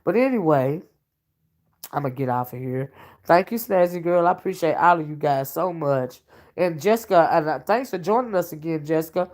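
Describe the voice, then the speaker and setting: A deep-voiced woman, a little mellow and talking at normal speed, hosts a casual home livestream while cooking dinner. As a self-styled oracle she reads viewer comments, calling folks honey and child and thanking them by name.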